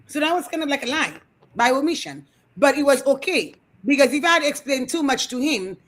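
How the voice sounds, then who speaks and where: A middle-aged woman co-hosting a casual talk show, telling animated family stories and acting out the voices. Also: high-pitched, fairly quick, low-quality recording. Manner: animated storyteller, acts out quotes. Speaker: co-host. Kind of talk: casual storytelling chat. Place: studio.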